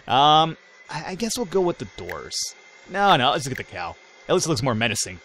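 A man giving casual, excitable gameplay commentary, swearing often and sounding bemused by what he sees. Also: fairly high pitch, a little fast, slight background noise. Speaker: let's play gamer. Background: game music.

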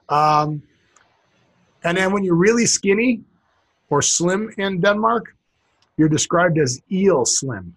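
Husky man reading out funny sayings. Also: fairly high pitch, animated, slow, pauses often, a bit bright. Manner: reads out funny sayings, chuckling, jumps into silly put-on voices. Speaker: podcast co-host. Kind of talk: casual comedic chat.

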